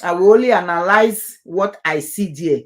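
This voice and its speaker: A woman's voice: lowish voice, moderate pace. A woman with a Nigerian accent, delivering a scolding, opinionated commentary that switches between Pidgin and English, with many filler uhs.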